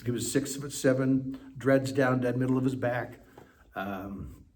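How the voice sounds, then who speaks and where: A man as an interview guest, telling his story in an animated way with quick bursts. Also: mid-range voice. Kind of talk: personal storytelling.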